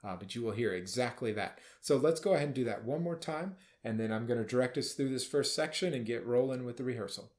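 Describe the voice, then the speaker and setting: A man of ordinary pitch leads a band rehearsal as its conductor. He explains things in a relaxed, conversational way and breaks into sung or called-out phrases now and then. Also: fast, hardly any pauses. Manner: explains casually, sometimes sings or calls out musical phrases. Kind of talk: rehearsal instruction.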